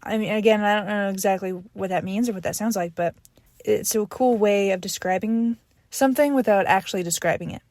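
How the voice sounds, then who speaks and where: A young woman talks through an album track by track, eager and rambling, often restarting her sentences. Her voice sits at an everyday pitch. The sound is dry and close, with no room around it. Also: brisk, darkish tone, dry recording. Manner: rambling, enthusiastic, many fillers and restarts. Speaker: podcast host reviewing an album. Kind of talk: casual solo album review.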